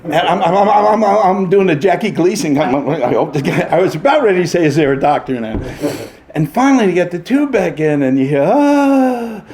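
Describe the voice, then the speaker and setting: A man's voice: sits high, quick pace, hardly any pauses, a crowd in the background. An older man telling theatre anecdotes as an interview guest, acting out other people's voices and laughing often. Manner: animated raconteur, acts out voices, laughs often. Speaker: interview guest, veteran stage actor. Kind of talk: anecdotal storytelling.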